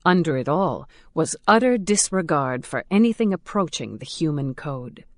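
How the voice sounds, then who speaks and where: A woman giving a measured, steady audiobook narration of a crime thriller. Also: low-pitched, dry recording, studio quality. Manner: measured, steady, dramatic storytelling.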